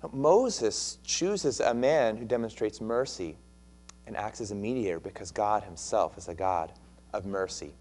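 A man's voice: fairly low pitch, a little slow, a little mellow, slight background noise. A male pastor preaching a sermon in a conversational way, often asking his listeners questions and restarting his phrases.

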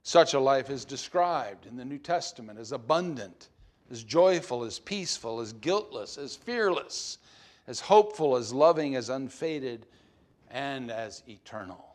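A man preaching a sermon as pastor at a church service, with deliberate emphasis that swings between loud stresses and soft, low phrases. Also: animated.

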